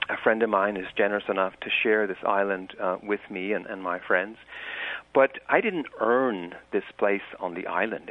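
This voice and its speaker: Thoughtful man on a tinny phone line. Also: on the low side. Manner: reflective, halting, many restarts. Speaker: author and guest. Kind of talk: phone-in radio interview. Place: island cottage.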